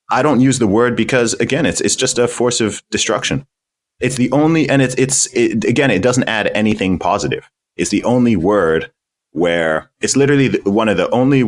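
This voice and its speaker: A man with a British accent, a guest on a podcast interview, answering bluntly and emphatically and repeating words as he stresses his points. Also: sits low. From United Kingdom. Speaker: guest, independent rapper.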